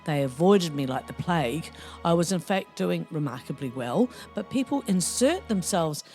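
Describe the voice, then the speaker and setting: A woman's voice: low-pitched, expressive, normal speed, a little mellow, soft background music. A woman hosting a podcast, talking in a playful, cheeky, chatty way. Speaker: podcast host. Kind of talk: casual monologue.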